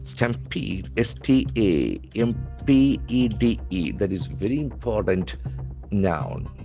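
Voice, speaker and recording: Deliberate low-voiced teacher. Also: male voice, animated, dark tone, faint music behind. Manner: slow, deliberate, spells words letter by letter. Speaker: English language trainer. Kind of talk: newspaper vocabulary lesson.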